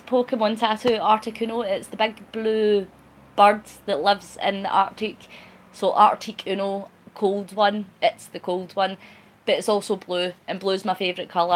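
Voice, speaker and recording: A woman chatting casually on a live stream, reading out viewer comments in a cheeky, talkative way with frequent laughs. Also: medium pitch. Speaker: vlogger.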